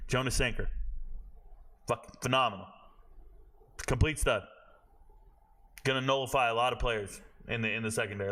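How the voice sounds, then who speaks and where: A man hosting a college football show, giving blunt, profane, animated opinions and muttering to himself as he checks stats. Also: mid-range voice. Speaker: college football podcast host. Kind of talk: casual opinionated commentary.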